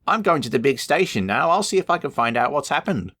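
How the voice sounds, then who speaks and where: A man's voice: fairly high pitch, very animated, fast talker, a bit bright, dry recording, studio quality, pitched above the performer's own voice. A man voicing a cheeky, proud little male tank engine who talks in a boastful, eager way. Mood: indignant.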